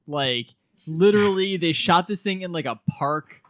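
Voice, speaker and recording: A man's voice: high-pitched, lively intonation, moderate pace. A man co-hosting a casual podcast, making wry, dry remarks. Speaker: podcast co-host. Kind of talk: casual chat.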